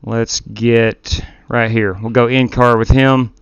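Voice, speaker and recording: A man hosts a live sim-racing stream and serves as the league's race director, casually commenting on replays as he rewinds them and candidly blaming himself for his mistakes. His mid-range voice is flat and slow, and the sound is smooth, without echo, but with the highs cut off.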